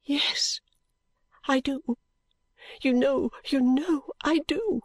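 A woman voicing a shy, tender young woman in love, speaking softly and bashfully, sometimes in a whisper. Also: mid-range voice, measured pace, husky, no room sound, clean studio sound. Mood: tearful. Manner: soft and bashful, often whispery.

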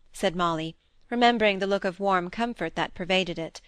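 A woman reads a classic novel aloud in a measured, even storytelling voice. Her pitch sits in the middle range. The close mic catches no room at all. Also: clear, resonant tone, no room sound. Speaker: audiobook narrator. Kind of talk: scripted narration.

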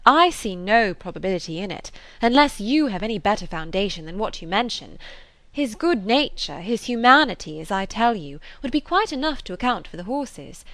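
A woman reading as a lively, headstrong young woman who talks emphatically and exclaims often. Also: medium pitch, normal speed, no echo. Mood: indignant. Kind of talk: audiobook character reading.

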